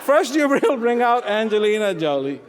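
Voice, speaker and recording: A man's voice: fairly high pitch, big pitch swings, slow pace, crowd noise, background noise, heavily acted. A man voicing a humble, honest woodcutter who explains himself in a plain, pleading way, in a hall with a long echo. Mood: explaining. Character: humble honest male woodcutter, simple and earnest.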